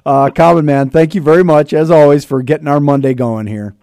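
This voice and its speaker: A man's voice: a little high, a little fast, no echo. A man hosting a radio talk show, chatting and joking with a guest in the studio and reading station promos. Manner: animated, chatty and joking, with an upbeat announcer delivery on promos. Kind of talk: casual radio banter. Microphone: studio microphone.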